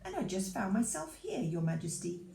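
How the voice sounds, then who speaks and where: A woman's voice: medium pitch, sing-song, normal speed, creaky, mellow, echoey room, recorded from a distance, slight background noise. A woman voicing a frightened young boy who answers hesitantly and politely. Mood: timid. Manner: hesitant, deferential.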